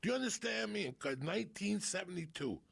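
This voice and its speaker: A man's voice: sits high, lively intonation, brisk, gravelly, fairly bright tone, breathy edge. A middle-aged man with a Cuban family background, telling a profane, comic story and acting out his relatives as a podcast guest. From Cuban family in New Jersey. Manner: swears constantly, acts out family members mid-story.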